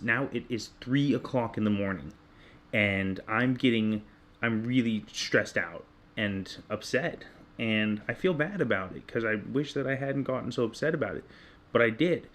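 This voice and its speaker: This podcast co-host, a man in his thirties, shares a personal story in a relaxed chat. He's candid and pokes fun at himself, and his mid-range voice livens up when he reenacts his own yelling.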